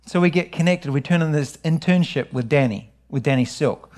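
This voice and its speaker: Animated New preacher man. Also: moderate pace. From New Zealand. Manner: animated storytelling, rising high when excited. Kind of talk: sermon with personal testimony.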